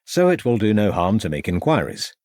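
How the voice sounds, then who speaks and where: A man reads a stern Victorian detective inspector in an audiobook, brisk and authoritative. The voice sits low but rises and falls sharply, recorded close and dry. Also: very animated, a little mellow, no echo.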